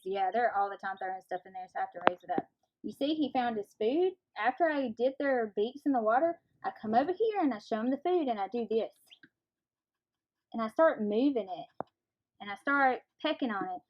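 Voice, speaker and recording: A woman's voice: high voice, roomy sound, highs cut off, slight background noise. A young woman, chatting folksily through a how-to on raising chicks for her homestead channel, calling viewers "y'all" and "guys". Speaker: homesteading vlogger. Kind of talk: casual how-to talk.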